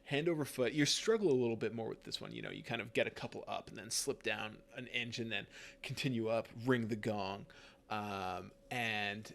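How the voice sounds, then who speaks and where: A man's voice: on the low side, normal speed, creaky, a little hiss or hum. A man narrating as game master of a tabletop game, rambling with fillers and laughs.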